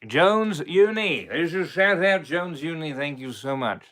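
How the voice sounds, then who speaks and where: A character impersonator with a rather high, bright, forceful voice speaks at normal speed with lively intonation. He's playing a swaggering male pirate captain who loves rum, chatting playfully in pirate talk on a live stream.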